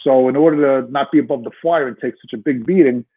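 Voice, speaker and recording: A man in his sixties, a retired fire lieutenant, telling a story as a podcast guest in a lively, restarting way. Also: medium pitch, quick pace, husky, dry recording. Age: 60s. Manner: animated storyteller, frequent restarts. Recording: tinny phone-line sound.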